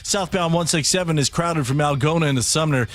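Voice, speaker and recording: Man, radio traffic report, a bit high-pitched, brisk, studio read. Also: a bit bright.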